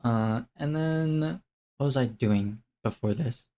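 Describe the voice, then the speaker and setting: Young dude rambling on camera, um and like everywhere, mid pitch, keeps restarting himself. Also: male voice, takes it slowly, warm tone. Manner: rambling, self-interrupting, many fillers and restarts. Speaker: vlogger. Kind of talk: casual rambling life update.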